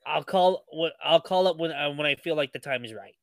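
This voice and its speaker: A man from Guam, a comedian guest on a casual podcast, listing his upcoming shows upbeat and with many fillers. His voice is a little high, and it sounds close and dry. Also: a little fast, dry recording. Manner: upbeat, self-promoting, hesitant fillers. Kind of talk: casual interview chat.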